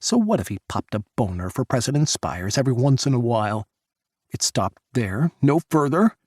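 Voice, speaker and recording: A man's voice: mid-range voice, big pitch swings, normal speed, darkish tone, breathy edge, no echo, clean studio sound. A man narrating an audiobook in an intimate, introspective reading.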